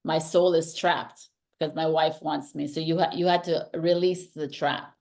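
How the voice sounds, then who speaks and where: Low-voiced woman giving spiritual guidance. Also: fairly even intonation, moderate pace, a little mellow. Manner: earnest, emphatic, passes on intuitive messages. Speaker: tarot reader host. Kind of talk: casual spiritual chat.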